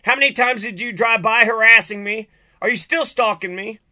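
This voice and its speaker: A man's voice: high-pitched, moderate pace, sharp tone. A man giving an agitated, profane, sarcastic rant in video commentary. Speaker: vlogger.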